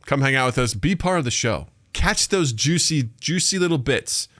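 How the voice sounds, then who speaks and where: A man co-hosting a podcast in loose, joking conversation. His pitch swings widely from line to line, and he often lets sentences fade into a quiet mumble. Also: expressive, moderate pace. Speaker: podcast co-host. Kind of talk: casual chat.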